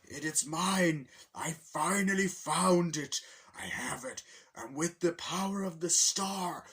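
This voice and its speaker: A man's voice: on the high side, slow, a bit bright, pitched above the performer's own voice. A man putting on a gloating monster king. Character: gloating power-hungry male monster king.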